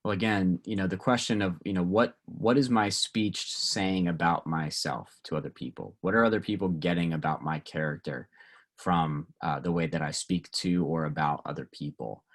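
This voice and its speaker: A man, a pastor, leading a relaxed Bible study discussion with teens, asking the group questions and talking with many fillers and restarts. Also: sits low, normal speed.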